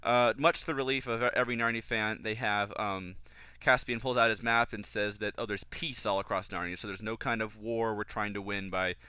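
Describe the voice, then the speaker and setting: Bright, crisp-voiced man ranting about films. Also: on the low side, steady tone, moderate pace, dry recording. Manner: opinionated, flares into exasperated ranting. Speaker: film commentator. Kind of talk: casual fan film commentary.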